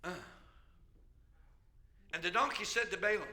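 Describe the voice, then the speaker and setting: A man pastor preaching a sermon, storytelling with jokes and sudden loud bursts. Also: sits high, normal speed. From United States.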